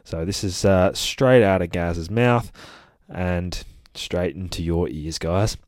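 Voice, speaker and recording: A deep-voiced Australian man chats casually on his podcast as a dog trainer. He rambles in a good-humoured way, turning aside now and then to talk to his dogs. The recording is close and dry, with no room sound. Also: slow, a little mellow, no room sound.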